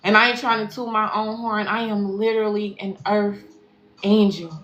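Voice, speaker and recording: A woman's voice: medium pitch, little pitch movement, moderate pace, a bit bright, highs cut off. A woman spiritual life coach closing a live stream, slangy, affirming and profane, repeating phrases for emphasis. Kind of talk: live-stream sign-off to followers. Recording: echoey room with faint background noise.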